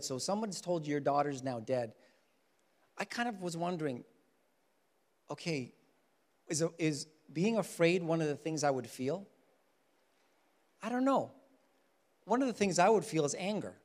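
A man with a somewhat high voice teaches from scripture in an animated sermon. He keeps it conversational and often acts out the people he quotes. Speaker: preacher.

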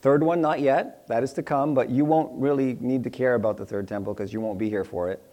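A man's voice: medium pitch, steady tone, brisk, warm tone. A middle-aged man, a pastor, teaching through a Bible passage in a chatty, joking way, often acting out little dialogues in other voices. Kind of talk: conversational Bible teaching sermon.

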